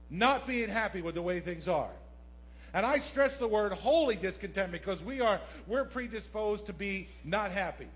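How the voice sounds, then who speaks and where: A man preaching a sermon to his congregation as pastor, animated, with asides and quick jokes to the listeners. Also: sits high. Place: church sanctuary.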